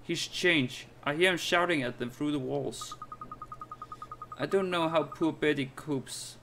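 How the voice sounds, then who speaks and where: A man's voice: a little high, measured pace, noisy background, pitched above the performer's own voice. A man doing a gossipy old neighbor lady. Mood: gossiping. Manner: chattering, sighing, calls everyone dear. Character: gossipy old woman neighbor, fussy and kindly. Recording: game music behind the voice.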